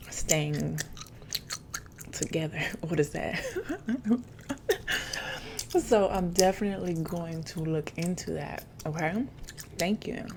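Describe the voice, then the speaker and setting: Lady chewing gum and rambling in a low-ish voice, some whispering, hissy noisy recording. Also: dark tone. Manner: chatty, rambling, chewing gum while talking; drifts into whispers at times. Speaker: ASMR creator. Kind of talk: late-night soft-spoken ASMR chat. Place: home setup, camera placed far away.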